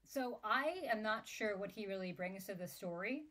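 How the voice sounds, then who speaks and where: A woman's voice: medium pitch, lively intonation, normal speed, pushed and bright. A woman co-hosting a book podcast, chatting casually and reacting expressively, with frequent exclamations and laughter. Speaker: podcast co-host.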